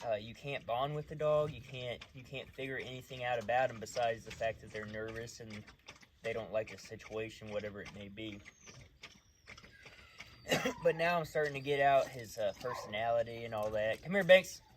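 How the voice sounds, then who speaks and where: A man's voice: mid-range voice, fairly even intonation, normal speed, background noise. A man who trains dogs, talking casually while working a dog outdoors at night, mixing loose explanations with short, firm commands.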